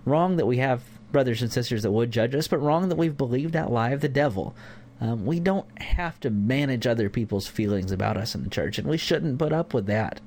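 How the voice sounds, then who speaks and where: A man in a relaxed church talk, teaching scripture in a conversational way. His voice sits at an ordinary middle pitch, with filler words and restarts. A faint hiss runs underneath. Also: a little fast. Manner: informal, with fillers and acted-out examples. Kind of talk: conversational Bible lesson.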